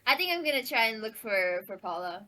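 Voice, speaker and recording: A woman playing a tabletop game, talking in a hesitant, halting way. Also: fairly high pitch, very animated, bright, forceful tone, slight background noise. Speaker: player.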